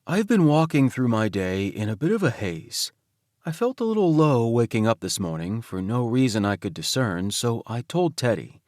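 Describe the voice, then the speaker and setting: A man narrating a romance audiobook in first person, intimate and soft-spoken. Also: mid-range voice, very animated, moderate pace, no echo, clean studio sound.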